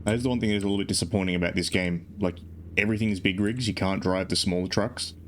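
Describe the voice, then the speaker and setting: A man's voice: deep voice, fairly even intonation, rapid-fire, a little hiss or hum. A sleep-deprived man streaming a driving game, rambling casually with self-deprecating jokes. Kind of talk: casual gameplay commentary.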